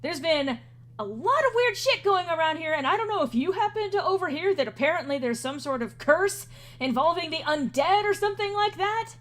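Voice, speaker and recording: A woman's voice: on the high side, lively intonation, normal speed. Woman doing a snarling, hot-tempered male guard. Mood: irritated. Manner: snapping, scornful, loud.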